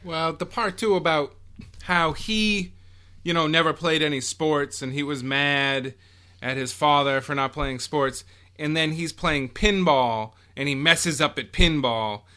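A man's voice: a little high, unhurried, sharp tone, smooth. A laid-back man co-hosting a casual chat who mostly gives short, dry replies. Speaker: co-host.

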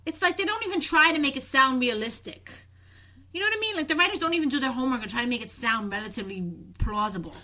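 A woman with a high, bright voice, co-hosting a casual chat. She is blunt and sarcastic, often sounding exasperated as she complains and banters. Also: lively intonation, fast. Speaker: podcast co-host.

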